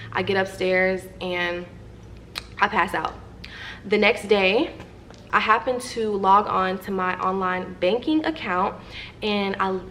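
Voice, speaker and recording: A young woman speaks straight to her viewers, telling a story from her own life in a lively, chatty way. Her voice sits at an ordinary middle pitch for a woman. A faint hiss runs behind her. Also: creaky. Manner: animated, chatty storytelling that addresses viewers directly. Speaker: vlogger.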